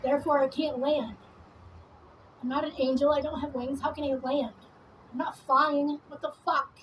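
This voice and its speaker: A woman's voice: sits high, steady tone, normal speed, slight background noise, rough recording. A woman vlogger talking while doing her makeup, in a heated, rambling monologue full of swearing.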